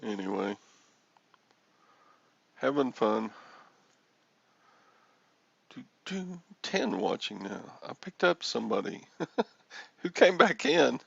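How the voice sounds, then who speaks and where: A man's voice: mid-range voice, very animated, slow pace, gravelly, long pauses, fairly bright tone, slightly rough, no room sound, highs cut off. A man in his sixties hosting a reseller livestream, rambling and joking as he answers chat comments. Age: 60s.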